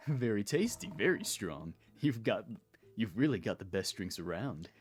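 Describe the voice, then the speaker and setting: A man voicing a dim-witted, good-natured male barbarian adventurer in a goofy, slow storytelling voice. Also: on the low side, sing-song. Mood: friendly.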